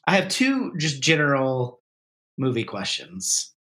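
A man's voice: medium pitch, slow. A man co-hosting a casual movie discussion, often breaking into quoted lines. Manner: animated, quotes movie lines in mock voices. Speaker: podcast co-host.

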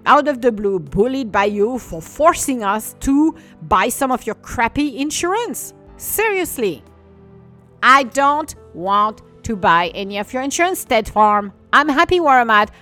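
Woman ranting and scolding, kinda high voice that swings all over, slightly non-native english. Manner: indignant, animated, scolding. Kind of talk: ranting monologue to camera.

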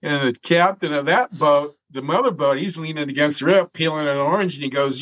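A man's voice: fairly high pitch, a bit bright, muffled recording. A man telling a long story in an interview, swearing freely and chuckling as he goes. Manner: profane, chuckling, drawn-out storyteller. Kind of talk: casual storytelling.

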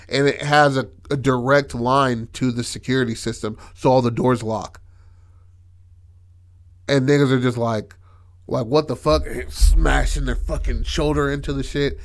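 A man's voice: medium pitch, little pitch movement, moderate pace. Profane male podcast co-host narrating scenes. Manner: profane, vivid scene-telling. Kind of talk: casual chat, narrating a movie scene.

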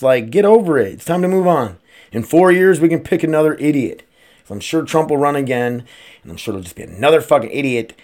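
An American podcast host and streamer with a slightly high, darkish voice rants casually on his own solo show. He swears a lot, wanders into rambling asides, and throws out rhetorical questions.

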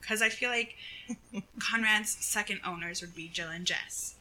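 A young woman co-hosting a casual chat, telling a story in an animated way and acting out what people said. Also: medium pitch, unhurried, low-quality recording. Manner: animated storyteller, acts out quotes, laughs often. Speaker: podcast co-host.

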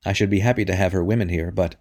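A man voicing a young priest in disguise who speaks modestly and in a measured way. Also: deep voice, steady tone, darkish tone.

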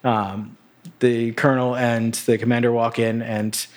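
A man's voice: mid-range voice, a little slow. A man co-hosting a podcast, casually recapping a TV episode with plenty of fillers. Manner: relaxed, loose recap full of fillers and laughs. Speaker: podcast co-host.

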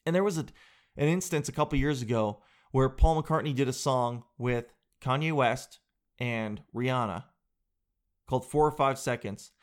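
A man comedian telling a comic monologue in an animated, profane storytelling way. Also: mid-range voice. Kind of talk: stand-up style comic monologue.

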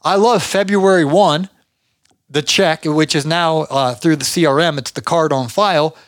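A man's voice: on the high side, normal speed, no echo, clean studio sound. A middle-aged man, hosting a podcast and giving casual business advice in a rambling, chatty way with many restarts. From Georgia, US. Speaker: podcast host.

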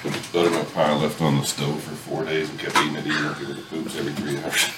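A podcast host with a very deep voice tells a rambling, profane story in a casual chat, speaking quickly and flatly with bursts of laughter. The mic sits far away in an echoey room, with music playing behind.

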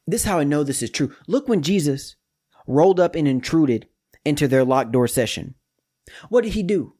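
Man, podcast host preaching casually, slightly higher voice, chatty and direct with the audience. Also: a little fast. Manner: lively, colloquial and talks straight to the audience. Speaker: host of a scripture study podcast.

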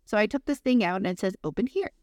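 A young woman co-hosting a podcast, telling a story in casual chat, animated and swearing freely while acting out voices. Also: medium pitch, very fast, dry recording, studio quality. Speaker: podcast co-host.

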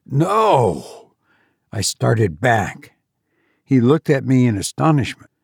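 A man reading a first-person adventure story aloud in a measured, deliberate way. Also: mid-range voice, animated, vocal fry, darkish tone, husky, no room sound, studio quality. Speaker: narrator.

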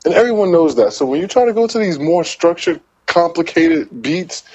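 A man's voice: a little high, animated, normal speed, darkish tone, slightly rough, dry recording, muffled recording. A man in casual hip-hop talk, opinionated and emphatic, with plenty of swearing.

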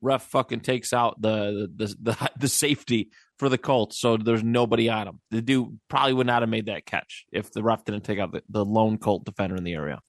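A man's voice: lowish voice, fairly even intonation, a little fast, hardly any pauses, no room sound, studio quality. A man co-hosting a sports podcast, telling stories in a rambling, profane way. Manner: rambling, profane storytelling with restarts. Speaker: podcast co-host. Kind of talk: casual sports chat.

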